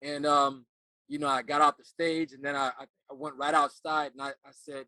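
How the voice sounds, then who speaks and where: A middle-aged man's voice, bright and forceful, recorded dry and close. He is an actor turned life coach, telling a personal story earnestly. He stops and repeats words as he remembers. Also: on the high side, little pitch movement, dry recording. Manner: earnest, halting, repeats words while recalling.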